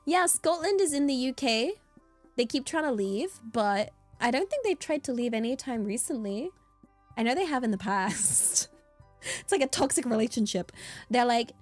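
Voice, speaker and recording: Over soft background music, this British streamer chats at a normal pace in a fairly high, expressive voice. She's young and from the UK, with an accent blending rural and taught English, and her casual talk is bubbly, giggly and full of rambling.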